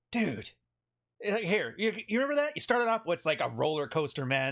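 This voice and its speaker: A man's voice: fairly high pitch, very animated, creaky, a bit bright. Sarcastic man hosting a commentary video. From Canada. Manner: sarcastic, jokey, quick to laugh.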